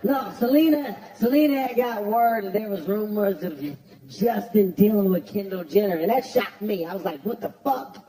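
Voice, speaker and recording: High-voiced brash comedian man roasting. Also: moderate pace. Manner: brash, profane, shouts punchlines. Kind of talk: stand-up roast. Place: stage before a live audience. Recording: roomy venue with crowd laughter.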